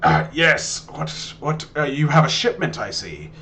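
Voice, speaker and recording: A man's voice: fairly high pitch, sing-song, measured pace, bright, forceful tone, a little hiss or hum, exaggerated voice. A man voicing a harried elderly male head chef, speaking in a flustered, curt way.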